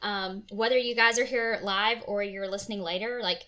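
A woman podcast host with a bright, sharp voice, eagerly summing up what her guest said and speaking straight to her listeners. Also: medium pitch, steady tone, normal speed. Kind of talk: conversational podcast interview.

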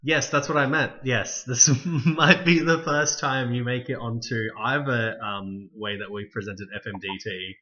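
A male podcast host chats casually, laughing a lot and stumbling over restarts. His voice is bright and forward, and the recording sounds dull and lo-fi. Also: medium pitch, fairly even intonation, normal speed, hardly any pauses. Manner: laughs often, hesitant restarts. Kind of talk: casual chat.

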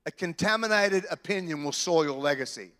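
A man with an Australian accent, preaching a sermon in an animated, conversational way with touches of humor. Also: a little high, fairly quick. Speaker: pastor. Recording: reverberant church hall.

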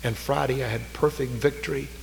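A man preaching a sermon, fervent, swinging from loud raised cries to low, quiet storytelling. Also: fairly even intonation, a little fast, creaky, big-room sound, slight background noise, poor audio. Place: church.

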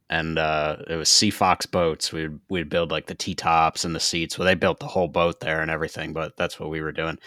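A man's voice: deep voice, bright, forceful tone, no room sound, clean studio sound. A man co-hosting a podcast, chatting casually and telling a story in a laid-back way. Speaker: podcast co-host. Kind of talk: casual chat.

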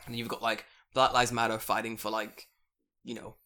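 A man telling a profane, animated story in casual chat among friends. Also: on the low side, normal speed. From foreigner living in Japan.

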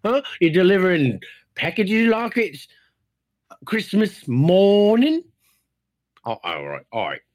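A man's voice: high-pitched, very animated, moderate pace. A man playing a bumbling, rambling Australian co-host in an improvised comedy sketch, with a put-on Australian accent. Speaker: podcast co-host.

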